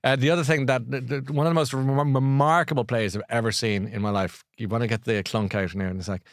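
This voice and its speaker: A man's voice: mid-range voice, fairly even intonation, fast, no room sound, clean studio sound. Chatty man hosting a live show. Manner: chatty and enthusiastic, with frequent restarts. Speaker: host of a live book and culture show.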